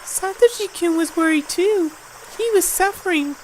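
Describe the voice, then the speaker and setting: A creepy teenage girl , voiced by a woman, talks in a sweet sing-song that hides a threat, repeating herself as she closes in. Her voice sits extremely high and light. This is a fan voice performance of a game scene. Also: moderate pace, a little hiss or hum, rough recording. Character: eerie teenage girl stalking a frightened boy.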